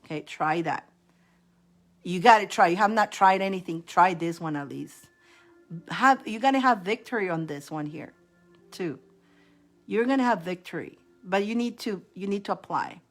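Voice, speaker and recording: A woman's voice: on the low side, expressive, normal speed, faint music behind. A woman giving live-stream tarot readings, chatty, repeating names and laughing often between readings. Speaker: tarot reader.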